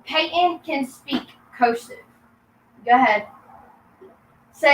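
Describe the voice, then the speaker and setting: Playful high-voiced woman, heard from afar in an echoey room. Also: normal speed, sharp tone, lo-fi sound. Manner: playful and teasing. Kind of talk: casual livestream chat. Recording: echoey room, distant from the mic.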